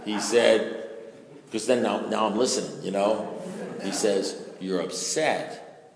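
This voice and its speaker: A man sharing his story as a recovering alcoholic at a recovery meeting, in a conversational way full of "you know"s that rises to loud bursts. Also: on the low side, flat delivery, unhurried, vocal fry, a crowd in the background. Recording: echoey hall reverb.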